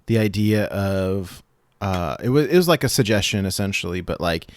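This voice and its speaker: A man co-hosting a podcast over a remote call, thinking aloud with halting restarts. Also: deep voice, no room sound, clean studio sound. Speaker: podcast co-host. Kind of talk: casual chat. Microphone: remote call mic.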